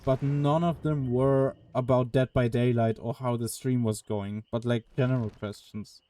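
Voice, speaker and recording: Mellow-voiced man streaming casually. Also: mid-range voice, moderate pace, no echo. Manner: relaxed, hesitant with fillers. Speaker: game streamer. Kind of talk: casual live-stream chat. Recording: distant mic with faint noise.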